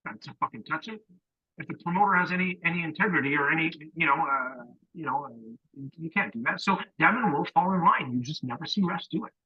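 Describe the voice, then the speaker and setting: Brief: husky male podcast co-host, stern profane rants, dull muffled sound. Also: on the high side, expressive, brisk. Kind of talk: casual podcast chat.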